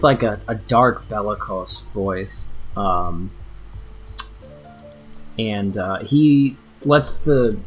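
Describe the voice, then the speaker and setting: Casual game master narrating the scene. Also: male voice, on the low side. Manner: casual, with many fillers.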